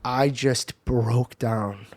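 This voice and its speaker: A man's voice: medium pitch, very slow, no echo, studio quality. A young man telling an emotional personal testimony on a podcast, talking casually with slang. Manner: casual, animated storytelling with slang. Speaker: podcast guest.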